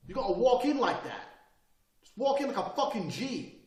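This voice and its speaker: A man's voice: very high-pitched, sing-song, moderate pace, a little mellow, roomy sound. A man giving a blunt, profane motivational lecture with an emphatic, swaggering delivery. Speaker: course instructor.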